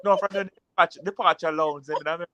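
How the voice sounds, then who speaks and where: A man's voice: on the high side, fairly even intonation, racing, fairly bright tone, no echo, muffled recording. A man in a casual chat, telling jokey stories in patois-laced speech.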